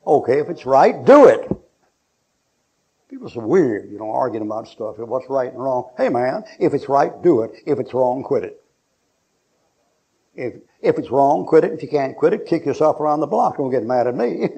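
A man's voice: medium pitch, very animated, moderate pace, mellow, breathy edge. A man preaching a sermon in a church, blunt and mocking, joking with his congregation. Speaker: pastor.

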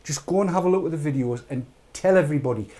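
A man's voice: a little high, very fast, dark tone. A British man hosting a live online chat show, rambling and urging viewers on with jokey asides. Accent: British English.

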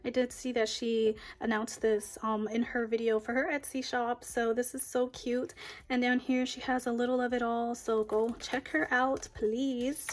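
Counting her bills out loud at normal speed, a young woman budgeting vlogger keeps a fairly high, level voice. Her cash-stuffing chat is casual, chatty and upbeat.

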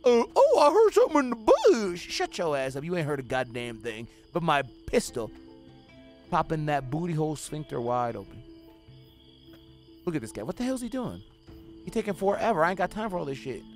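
A young man streaming a video game, giving profane running commentary that swings between low muttering and sudden yelling. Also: lively intonation, brisk, pauses often, soft background music. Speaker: gaming streamer. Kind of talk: live gameplay commentary.

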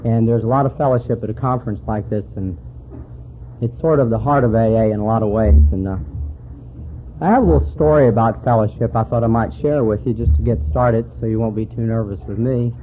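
A man's voice: on the low side, a little fast, a little hiss or hum. A man speaking at a recovery conference, telling folksy jokes and stories to an audience in a hall. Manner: folksy joke-telling storyteller. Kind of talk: recovery meeting talk with jokes. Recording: tinny phone-like hall recording.

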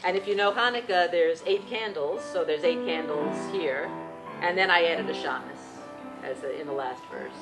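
A woman leading a Yiddish singing workshop, explaining patiently and gently, with occasional fillers. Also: low-pitched, normal speed, over music, poor audio. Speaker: Yiddish song leader.

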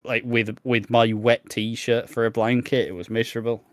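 A man's voice: mid-range voice, level tone, moderate pace, no echo, studio quality. A young English man co-hosting a podcast, telling a story in casual, sweary chat with frequent laughs. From England. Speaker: podcast co-host.

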